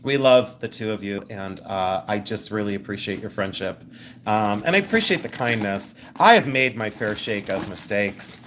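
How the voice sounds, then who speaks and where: A woman hosting a live jewelry sale stream, chatting in a rambling way and thinking out loud as she shows each piece. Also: very deep voice, lively intonation, normal speed, a little hiss or hum. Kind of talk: live sales stream chat.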